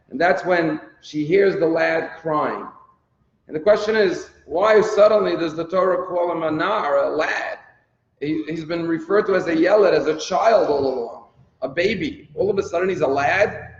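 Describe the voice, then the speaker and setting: A man's voice: a little high, gravelly. A man, a rabbi, giving a daily sermon, telling a scripture story and posing rhetorical questions. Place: synagogue hall. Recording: echoey hall, dull lo-fi sound.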